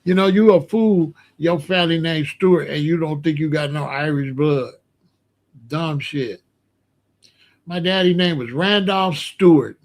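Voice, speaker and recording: Middle-aged man, fairly high voice, blunt profane rant, dismissive and repetitive. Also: measured pace. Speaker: commentator reacting to comments. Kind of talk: casual ranting commentary.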